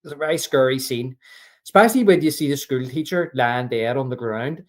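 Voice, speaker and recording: A man's voice: medium pitch, fairly quick. A man co-hosting a film podcast, chatting casually and retelling scenes with frequent restarts. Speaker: podcast co-host.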